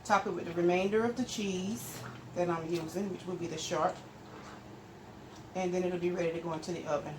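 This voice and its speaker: A woman's voice: fairly low pitch, brisk. Chatty woman cooking, noisy recording. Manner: chatty, talks straight to viewers as "y'all"; explains steps while stirring and measuring. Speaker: home cook and channel host. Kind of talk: casual cooking demonstration. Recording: steady background noise.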